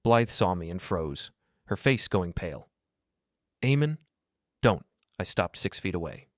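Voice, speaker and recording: A man narrating a first-person story in a calm, even, measured way. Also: low voice, no room sound, clean studio sound.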